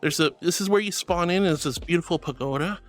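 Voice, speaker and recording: A woman's voice: fairly low pitch, fast, soft background music. A woman streamer in casual live-stream chat, giggly and bubbly as she reads chat messages aloud.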